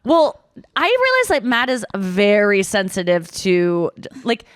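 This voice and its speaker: A woman in her thirties hosts a podcast, talking casually at a middle pitch. She tells stories freely with fillers and mimics other people's voices. The sound is dry and close to the mic. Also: measured pace, clean tone, no echo. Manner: animated storytelling with mimicked voices; frequent filler words. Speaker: podcast host. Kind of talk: casual chat.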